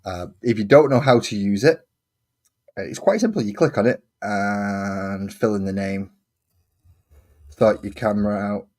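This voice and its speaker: A man hosting a casual livestream while he crafts, rambling and correcting himself as he talks. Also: on the low side. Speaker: livestream host.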